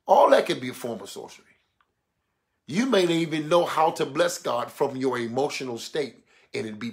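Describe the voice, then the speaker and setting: A man preaching a sermon, animated and colloquial, acting out voices to make his points. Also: medium pitch. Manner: animated, mimics voices, laughs.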